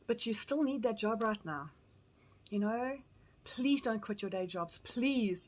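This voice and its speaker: A middle-aged South African woman giving candid, blunt advice, acting out quoted conversations with lively energy and casual swearing. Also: mid-range voice, low-quality recording. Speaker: farm vlogger. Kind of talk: candid personal advice talk.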